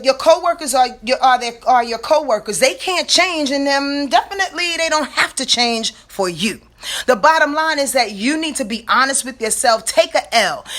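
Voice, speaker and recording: A woman astrologer giving a casual weekly rundown, slangy and animated, talking straight to her listeners. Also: high voice.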